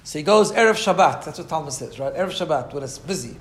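A man's voice: on the high side, animated, fast, fairly bright tone, reverberant, a little hiss or hum. A man teaching a Torah class in a conversational way, often asking "right?" and acting out the voices in his stories. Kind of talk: Torah lecture.

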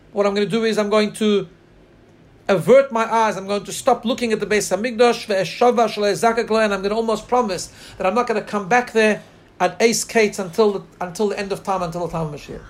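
A man teaching a Torah text, reading Hebrew lines and translating them earnestly, slowing down to stress the text. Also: sits high. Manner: slows and lifts his voice when reading lines.

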